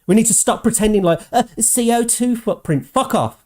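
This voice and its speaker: A man's voice: moderate pace, darkish tone. Angry swearing man ranting. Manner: mocking put-on quotes in a higher voice. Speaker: host. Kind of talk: ranting commentary.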